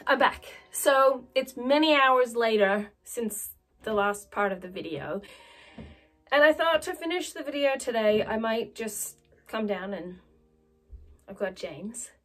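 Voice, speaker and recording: A woman's voice: fairly high pitch, expressive, takes it slowly, a bit bright, faint music behind. A woman in her thirties with an Australian accent, chatting to camera in a rambling, self-mocking way. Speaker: vlogger. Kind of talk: casual chat to camera.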